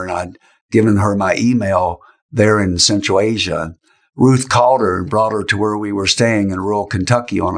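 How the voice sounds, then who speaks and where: An older man, a guest preacher, tells a story in an emotional sermon with slow, emphatic phrasing. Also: lowish voice, vocal fry, a bit bright.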